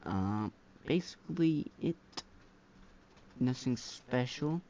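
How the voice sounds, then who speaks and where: A man's voice: mid-range voice, expressive, slow pace, dark tone, a little hiss or hum. A man giving casual gameplay commentary as a mod reviewer, rambling with many fillers and slang, recorded on a dull lo-fi mic.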